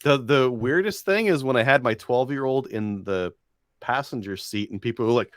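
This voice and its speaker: A man's voice: medium pitch, moderate pace, dry recording, studio quality. A man co-hosting a casual podcast, rambling and hesitant with a wry, sarcastic edge. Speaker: podcast co-host. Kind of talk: casual chat.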